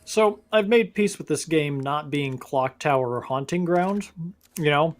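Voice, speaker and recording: A man's voice: fairly high pitch, measured pace. A man co-hosting a let's play show, chatting casually with wry, rambling stories. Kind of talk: casual gaming chat.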